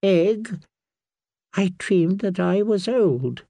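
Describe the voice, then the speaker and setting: A man voicing a frail, gentle old blind male scholar who speaks slowly and wistfully. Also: high voice, expressive, gravelly, no room sound, pitched above the performer's own voice, exaggerated voice. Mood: dazed. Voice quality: soft, slow and wistful.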